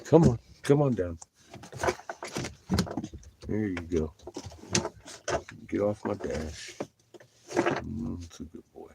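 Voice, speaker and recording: A man's voice: low voice, expressive, takes it slowly, vocal fry, long pauses, very noisy. A man vlogging from inside a vehicle, chatting to viewers with frequent laughs and cooing baby talk at a puppy. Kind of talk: casual chat to viewers.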